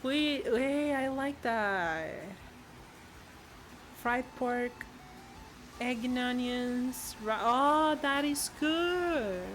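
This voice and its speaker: A woman's voice: high voice, animated, drawn-out words, a little hiss or hum. A woman streamer, chatting casually and playfully, reading chat aloud and giggling often. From Latin America. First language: Spanish.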